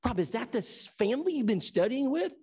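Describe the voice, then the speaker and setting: A man voicing an excited middle-aged churchwoman who is astonished and insistent, pleading breathlessly and urgently. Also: very high voice, fairly quick, husky, voice pushed up, full character voice. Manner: breathless, urgent repeated pleas.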